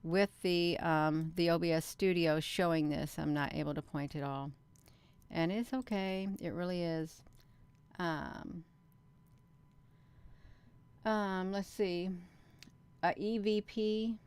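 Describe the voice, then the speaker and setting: A woman's voice: on the low side, takes it slowly, long pauses, a little mellow, clear, resonant tone. A woman hosting a casual livestream, chatting to her viewers and often talking to herself as she works. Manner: chatty, often addresses viewers as "you all", talks to herself. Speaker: livestream host.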